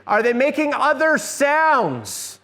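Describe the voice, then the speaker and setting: A man's voice: extremely high pitch, huge pitch swings, takes it slowly, fairly bright tone. A middle-aged man giving a conversational church workshop lecture, often asking the audience questions. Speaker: seminar presenter.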